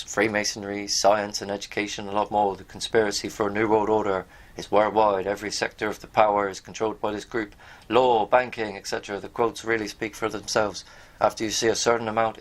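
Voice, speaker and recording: A man giving rambling, blunt commentary to his viewers as he reads from pages on screen, now and then swearing. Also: lowish voice. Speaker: video host. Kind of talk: casual commentary while reading from pages on screen.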